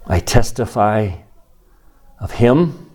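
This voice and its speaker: An older man from Canada, a church leader, tells a personal story in a sermon with an earnest, measured delivery and deliberate pauses. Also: lowish voice, lively intonation, a little mellow.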